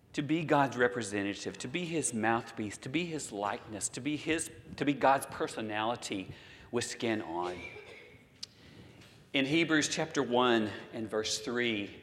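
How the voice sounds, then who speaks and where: A man in his sixties delivers a sermon, reading scripture aloud and pausing for effect. His voice sits at an ordinary pitch for a man. A long reverb trails after each phrase, as in a church hall. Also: fairly bright tone. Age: 60s. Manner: preaching with dramatic pauses, quoting scripture. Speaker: pastor.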